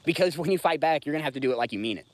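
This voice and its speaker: A Southern-accented man in his thirties hosts a casual livestream. His voice sits a little high. He talks bluntly and swears freely as he rambles through his grievances. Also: lively intonation, racing. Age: 30s. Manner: profane, blunt, rambling, talks straight to chat. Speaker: livestream host.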